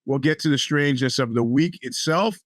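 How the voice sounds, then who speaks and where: A man's voice: mid-range voice, a little fast, no echo. A man hosting his podcast in casual, rambling talk with wry, profane asides, his speech a bit off from a bitten tongue. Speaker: podcast host.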